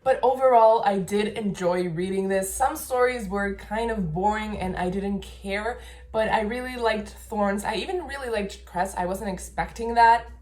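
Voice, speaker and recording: A woman's voice: mid-range voice, normal speed, darkish tone, roomy sound, faint music behind. A young woman talking casually and with enthusiasm as she reviews the books she read this month, laughing now and then. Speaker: book vlogger.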